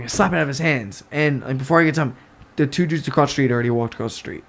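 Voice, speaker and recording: With a medium pitch, vocal fry, and a fast delivery, a young New York–area man shares a story as a guest on a podcast. He's animated and swears in casual conversation, doing voices for the people in his tale.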